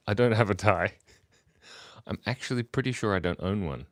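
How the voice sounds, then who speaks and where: A man chatting with viewers on a live stream while he draws, keeping his voice low and quiet because it is early morning at home, playful and rambling. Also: normal speed, long pauses, no room sound. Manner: talking quietly, hushed. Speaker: livestreaming artist. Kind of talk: casual live-stream chat while drawing.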